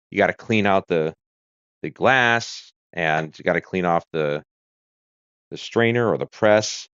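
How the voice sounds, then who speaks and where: A man's voice: low-pitched, smooth, no echo, muffled recording. A man from the United States hosting a casual livestream, chatty and rambling with fillers and self-corrections. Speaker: livestream host. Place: home room with a kitchen corner. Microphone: streaming setup.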